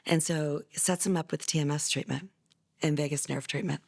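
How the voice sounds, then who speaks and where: Low-voiced middle-aged woman, conversational. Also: fairly even intonation, normal speed, vocal fry. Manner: conversational, frequent fillers and restarts; voices others' words with livelier, higher delivery. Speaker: mother telling her son's story. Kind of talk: documentary interview testimony.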